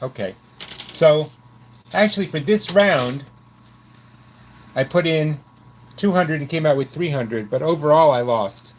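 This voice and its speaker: A man in his sixties from New York talks casually and in a somewhat high voice. He wanders off track and corrects himself mid-sentence as he goes. Steady noise runs under his voice. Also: measured pace, long pauses. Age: 60s. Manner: rambling, self-correcting storyteller. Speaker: host. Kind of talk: casual chat.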